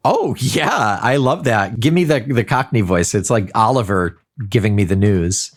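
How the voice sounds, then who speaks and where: A man's voice: lowish voice, animated, moderate pace. Bemused male podcast co-host. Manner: bemused, hesitant, filler-heavy. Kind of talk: casual podcast chat.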